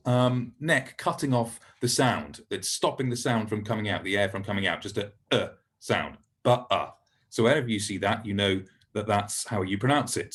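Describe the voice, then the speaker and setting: Male teacher, husky tone, patient and encouraging, lesson narration with words modeled slowly. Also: medium pitch. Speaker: Hebrew teacher.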